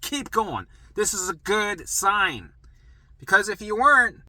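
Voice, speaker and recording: A recovery coach draws while talking straight to camera in a casual teaching monologue. He's animated, swears freely and acts out little quotes, using a high voice at a measured pace with no room sound.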